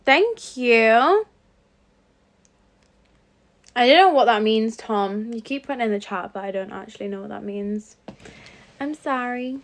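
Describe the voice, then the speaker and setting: A woman's voice: on the high side, expressive, a little slow, long pauses. A young woman from England, chatting casually on a phone livestream, giggling as she reads out and answers viewer comments. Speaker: livestream host. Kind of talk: casual live-stream chat reading comments.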